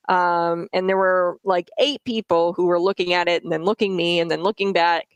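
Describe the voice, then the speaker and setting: A woman's voice: on the low side, fairly even intonation, normal speed, hardly any pauses, clear, resonant tone, no echo. A woman commenting on the radio in an indignant, sarcastic way, with many fillers and restarts.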